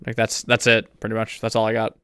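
A man co-hosting a podcast in casual talk, blunt and halting with a dry humor. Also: fairly low pitch, completely flat delivery, fairly bright tone, clear, resonant tone, no echo. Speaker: podcast co-host. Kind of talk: casual chat.

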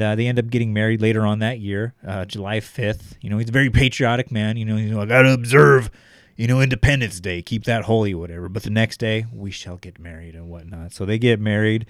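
A man's voice: on the low side, darkish tone, clean tone, no echo, studio quality. A young man telling a story in casual chat, rambling with lots of fillers and swearing.

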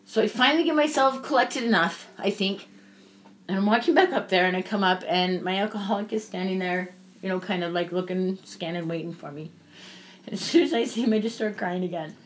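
A woman candidly telling a personal story in casual conversation, animated and swearing freely. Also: medium pitch, fairly quick. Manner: animated, acts out quoted voices, swears freely.

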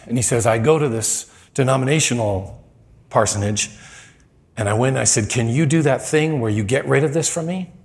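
A man's voice: mid-range voice, normal speed. A middle-aged man preaching a storytelling sermon in a conversational way, acting out the voices in his story.

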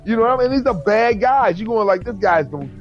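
A man in casual chat about fights, animated and profane, often acting out quotes. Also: very high voice, quick pace, muffled recording, soft background music.

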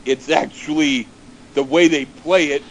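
Slow-talking high-voiced man chatting. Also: slight background noise, poor audio. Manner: animated, mimics misheard lyrics in a high voice. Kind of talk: casual chat about music.

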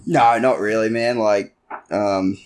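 An army veteran on a podcast. He is an easygoing guest who talks haltingly, with lots of fillers and swearing. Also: lowish voice, fairly even intonation, slight background noise. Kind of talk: casual podcast chat.

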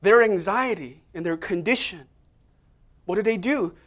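A man preaching an energetic sermon, prompting listeners to repeat phrases to each other. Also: sits high, moderate pace. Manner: energetic, call-and-response prompts to the congregation.

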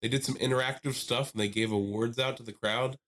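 Animated male podcast storyteller. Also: medium pitch, a little fast. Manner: animated storyteller, acts out voices, laughs often. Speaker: podcast co-host. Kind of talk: casual storytelling chat.

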